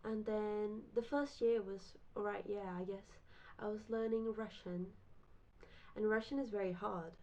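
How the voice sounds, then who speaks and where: A woman's voice: mid-range voice, fairly even intonation, unhurried, darkish tone, lo-fi sound. Chatty young woman telling a story. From Brazil. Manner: chatty, full of fillers and restarts. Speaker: vlogger. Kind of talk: casual storytime.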